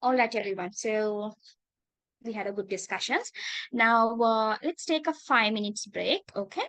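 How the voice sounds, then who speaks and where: A woman with a Sri Lankan accent teaching English in an online class. She is patient, calls students darling and dear, and pauses often with "uh". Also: a little high, a bit bright, no echo, poor audio. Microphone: video call.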